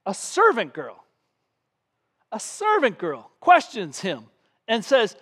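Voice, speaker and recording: A man's voice: sits high, slow pace, pauses often. A man preaching a sermon from the pulpit in a church, telling a Bible story with lots of drama and acting out the voices of the people in it. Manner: animated preaching, acting out scenes with raised voice. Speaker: pastor.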